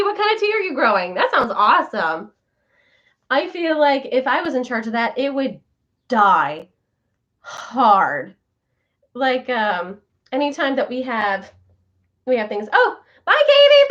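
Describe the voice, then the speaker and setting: A woman's voice: high voice, lively intonation, a little slow, pauses often, fairly bright tone, lo-fi sound. A woman in her thirties hosting a casual live chat with her viewers, bubbly and giggly as she answers their comments. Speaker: vlogger host.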